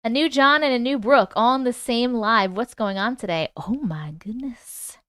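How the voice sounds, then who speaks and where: A woman hosting a live chat stream, excitable and quick to laugh, who races through thank-yous to her viewers. Her voice sits high and sounds bright and sharp. The recording is dry and close, with no room sound. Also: smooth, no echo. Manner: chatty and excitable, rattles off thank-yous fast; swears casually, gasps and laughs often. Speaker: livestream host. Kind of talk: casual livestream chat, reading comments and thanking gifters.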